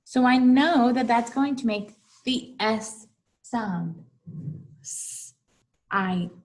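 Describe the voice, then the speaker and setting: A woman teaching a phonics lesson to young children, saying each word slowly and repeating it. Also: a little high. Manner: slow, deliberate, repeating each word twice.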